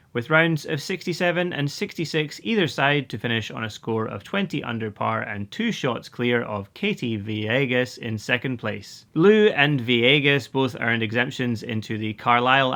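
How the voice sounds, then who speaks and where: Bright-voiced man reading golf results. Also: medium pitch. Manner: steady results read-out, rising at each new tour. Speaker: golf news host. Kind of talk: scripted news roundup.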